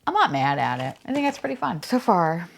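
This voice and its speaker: A young woman chats through a toy unboxing with a very lively, bouncing pitch. She gushes and coos at each little toy, then drops into low, dry asides peppered with playful swearing. Her talk stays casual and chatty throughout. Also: brisk, gravelly. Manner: swings between high squeals and low asides. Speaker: unboxing vlogger.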